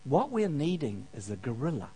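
A man's voice: medium pitch, sing-song, normal speed, mellow, slightly rough, pitched below the performer's own voice. A man quoting a male zoo manager during a sermon story, in a plain, explaining tone. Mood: matter-of-fact.

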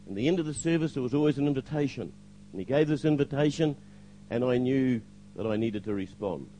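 A man's voice: mid-range voice, expressive, fairly quick, mellow, dull audio, a little hiss or hum. An older man giving a spoken testimony to a church congregation, hesitant with fillers, now and then acting out the lines he quotes.

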